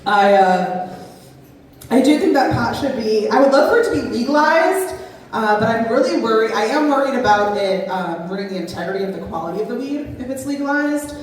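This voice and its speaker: A woman's voice: on the high side, lively intonation, brisk, recorded from a distance, slight background noise. A woman doing a stand-up comedy set on a brewery stage, rambling and self-deprecating with many fillers. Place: brewery stage at a live show. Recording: echoey hall, mic heard from afar, loud crowd. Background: audience laughter.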